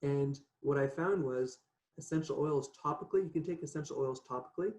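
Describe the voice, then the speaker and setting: A man talking as a podcast guest, telling a personal story in a casual, animated way, laughing often and checking in with "right?". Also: fairly high pitch, a little fast. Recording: echoey room.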